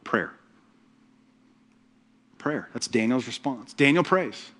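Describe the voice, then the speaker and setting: A man preaching a sermon as pastor, telling the story with humor and lively asides. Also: mid-range voice, slow pace.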